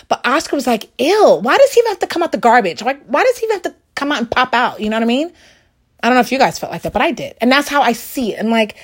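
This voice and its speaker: A middle-aged woman shares a casual Christian devotional, talking in an animated, conversational way. Her voice sits a little high, and she fills her talk with "you know" and quick acted-out quotes.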